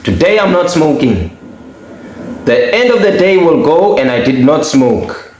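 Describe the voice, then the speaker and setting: Animated young man telling a story. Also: fairly high pitch, unhurried, a little hiss or hum. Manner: animated, laughing storyteller who acts out quotes. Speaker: podcast co-host. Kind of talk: casual chat, storytelling. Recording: echoey room.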